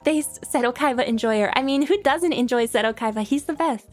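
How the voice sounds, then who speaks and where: A woman's voice: high voice, fairly quick, soft background music. A young woman streamer chatting casually and reading out viewer questions, giggly and rambling, often laughing at herself. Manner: giggly, rambling, self-deprecating.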